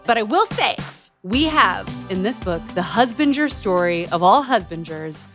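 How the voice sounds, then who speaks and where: A woman's voice: mid-range voice, expressive, moderate pace, fairly bright tone, faint music behind. A woman hosting a podcast in casual chat, chatty and bubbly, laughing often. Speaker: podcast host.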